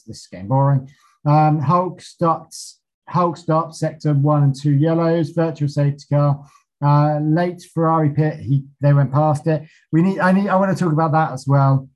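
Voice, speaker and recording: A man with a slightly raised pitch recaps a race for a podcast. He speaks in clipped fragments, fills the gaps with ums, and swears without a second thought. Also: a little mellow, rough recording. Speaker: podcast co-host. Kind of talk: casual race recap from notes.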